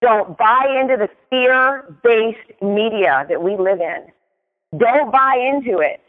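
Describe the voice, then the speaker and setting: Speaking slowly in a very high voice, a male motivational speaker tells a story with emphatic delivery, often tossing in "right?". The recording sounds tinny, like a phone, with long reverb.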